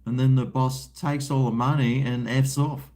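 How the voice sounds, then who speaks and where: A man's voice: medium pitch, level tone, normal speed, dark tone. A man with an Australian accent hosting a casual livestream, rambling in a laid-back way, reading out viewer messages, with crude slang and chuckles. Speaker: livestream host. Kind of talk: casual livestream chat while drinking.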